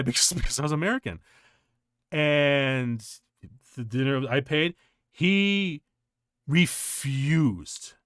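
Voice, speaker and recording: A man streaming and chatting casually, telling a long personal story in a rambling, halting way with frequent restarts. His voice sits at a middle pitch, and the sound is close and dry, with no room echo. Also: fairly bright tone.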